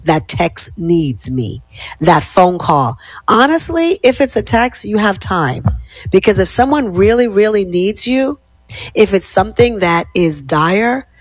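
Deep-ish husky lady host, slow soothing affirmations, trails into whispers. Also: no room sound. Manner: slow, measured, soothing delivery that drops to whispers. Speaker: wellness host. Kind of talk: guided affirmations talk.

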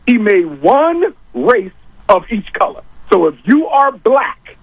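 A man's voice: high-pitched, sing-song, slow pace, breathy edge, no room sound. A man arguing his points emphatically on a talk show, repeating key lines for weight. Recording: dull, dry lo-fi audio.

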